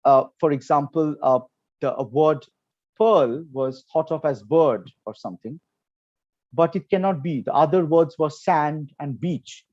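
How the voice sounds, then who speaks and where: A man's voice: a little high, darkish tone, dry recording. Bengali-accented male panelist, earnest explainer, dry muffled online audio. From Kolkata, India. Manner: earnest, explanatory, with frequent fillers. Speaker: program quality director.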